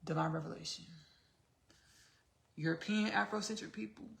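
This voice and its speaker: A woman's voice: mid-range voice, normal speed, gravelly, a bit bright, reverberant. A Texan woman hosting a podcast in casual chat while she cooks in a home kitchen, rambling, laughing often and calling her listeners "baby" and "y'all". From Austin, Texas. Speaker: podcast host.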